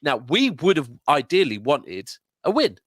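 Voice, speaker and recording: A man's voice: on the high side, sing-song, a little slow, a bit bright, slightly rough, dry recording. A man from England co-hosting a football fan show, chatting casually and rambling, often checking in with "yeah?".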